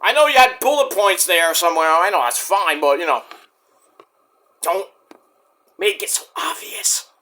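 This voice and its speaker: A man ranting casually as a wrestling vlogger, rambling and animated, breaking into sudden shouts. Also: high-pitched, unhurried, pauses often.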